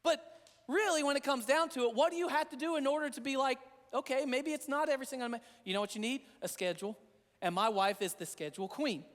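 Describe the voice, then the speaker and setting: A man's voice: very high-pitched, quick pace, fairly bright tone, big-room sound. A man preaching a sermon as a pastor, earnest and repetitive in a conversational way. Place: church sanctuary.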